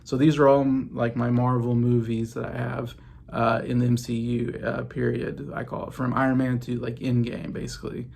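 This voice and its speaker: A man in his late thirties hosts a casual YouTube vlog from his home basement, chatting and wandering off topic as he shows off his movie collection. His mid-range voice is creaky and darkish, delivered flatly at a normal speed.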